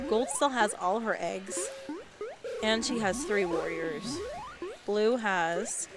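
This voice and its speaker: A woman doing casual play-by-play commentary on an arcade game, with rambling, playful asides between calls. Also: medium pitch. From northern United States. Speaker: esports league commentator. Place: arcade bar.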